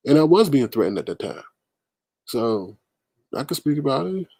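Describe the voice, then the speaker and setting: Casting note: man, livestream host, mid pitch, dry close sound, emphatic and animated, reacts to chat. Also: normal speed, husky, no room sound. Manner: animated, emphatic, talks back to chat comments. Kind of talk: casual livestream commentary.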